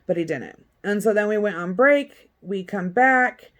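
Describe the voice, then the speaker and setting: A woman's voice: on the low side, moderate pace, hardly any pauses. A woman vlogger giving a blunt, profane, sarcastic recap in casual chat. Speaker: vlogger recapping a court hearing.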